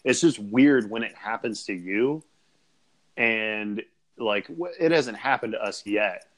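A man's voice: fairly low pitch, slow, a bit bright. A young man co-hosting a casual podcast, rambling with lots of filler words, swearing and laughing often. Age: young adult. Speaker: podcast co-host. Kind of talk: casual chat.

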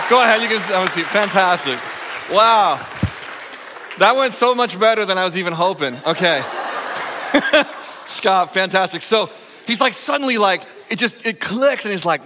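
A male senior pastor preaching a sermon in a playful, animated way, coaching a volunteer through a skit. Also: a little high, normal speed, a crowd in the background, background noise. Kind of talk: sermon with a live audience skit. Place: church sanctuary. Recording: long echoing church hall.

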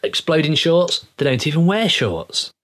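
A man's voice: a little high, very animated, a little slow, a bit bright. A man, co-hosting a podcast and telling a story with enthusiasm. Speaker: podcast co-host. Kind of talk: casual chat.

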